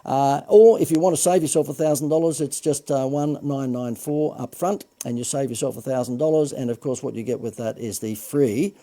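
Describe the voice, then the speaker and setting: An Australian man hosting a marketing livestream, making a chatty sales pitch with joking asides and frequent self-corrections. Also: a little fast, few pauses, mellow. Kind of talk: Facebook Live sales pitch.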